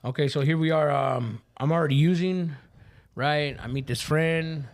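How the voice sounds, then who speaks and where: As a podcast guest, a man with a fairly high voice tells his personal recovery story at a normal speed. His casual talk rambles along in street slang packed with swearing.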